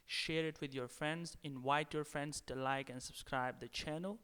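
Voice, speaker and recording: A man giving a slow video lecture as a language teacher, repeating each word several times. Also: fairly high pitch, fairly even intonation, bright, forceful tone, smooth. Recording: long reverb.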